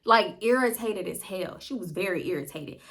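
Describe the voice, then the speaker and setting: A young woman vlogger telling a story to camera in a casual, animated way, cursing often and talking straight to her viewers. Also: medium pitch, fairly quick. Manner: animated, profane, addresses viewers directly.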